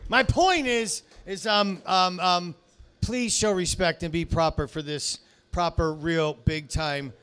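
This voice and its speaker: Emcee, man, high voice, loud teasing hype patter on a comedy stage. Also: slow, smooth. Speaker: comedy show host. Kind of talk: stand-up show hosting.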